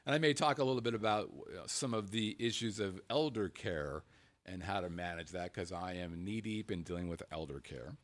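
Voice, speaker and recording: A man's voice: low voice, a little fast. A man hosting a casual talk show, rambling along and often stumbling and repeating words. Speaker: podcast host.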